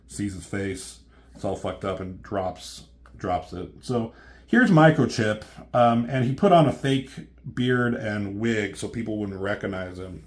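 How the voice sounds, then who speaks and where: Lowish guy voice, rambly casual comic recap, swears a lot, tons of ums. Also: moderate pace. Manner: rambling, profane, many ums and restarts. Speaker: comic book reviewer.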